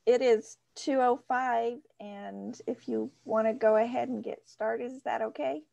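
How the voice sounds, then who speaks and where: A woman's voice: a little high, fairly even intonation, measured pace, creaky, mellow, no room sound, dull audio. A woman moderating an online class, welcoming everyone in a casual, light way with fillers.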